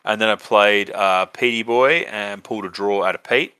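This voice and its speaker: Deep, bright Australian man telling stories. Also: moderate pace, smooth, no room sound. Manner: rambling, swears freely, many fillers. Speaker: podcast host. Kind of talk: casual storytelling.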